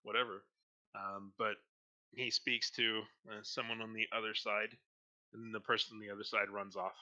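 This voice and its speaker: A man narrating as dungeon master, relaxed and hesitant, with many fillers. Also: on the low side, moderate pace. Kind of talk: narrating a tabletop game. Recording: dull lo-fi mic.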